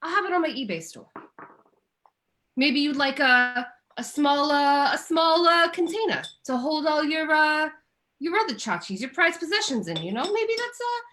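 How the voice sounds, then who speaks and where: A woman's voice: sits high, lively intonation, normal speed, bright, forceful tone. A woman playing a struggling tchotchke seller in a comedy bit, rambling and tearful. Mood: self-pitying.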